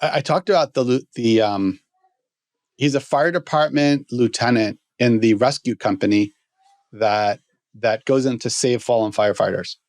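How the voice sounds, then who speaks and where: A man telling a story as a guest on a podcast, halting with many restarts. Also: medium pitch, a little mellow, no room sound, studio quality.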